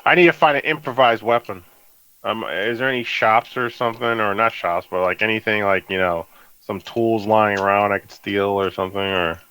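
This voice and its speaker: A man's voice: lowish voice, normal speed, sharp tone, smooth, no room sound, rough recording. A man playing a tabletop game, asking questions in a hesitant way as he thinks aloud. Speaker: player. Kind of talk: casual tabletop play.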